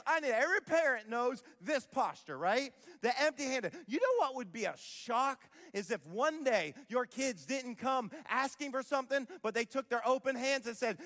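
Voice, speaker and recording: Preaching with emphasis, a man repeats his key lines and performs the voices of those he quotes. He has a very high, slightly bright voice with lively intonation and a moderate pace, and the church auditorium gives it a big-room sound.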